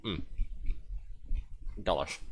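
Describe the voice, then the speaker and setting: A man's voice: extremely slow, a little hiss or hum. A man doing live gameplay commentary, chatty and a bit flustered, laughing often as he reads out viewer messages. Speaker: streamer.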